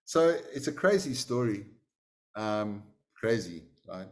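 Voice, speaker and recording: A male meditation teacher with a fairly low voice tells a story to his class. He speaks conversationally, with pauses and fillers, and closes with plain class notices. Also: big pitch swings. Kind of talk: storytelling in a lesson.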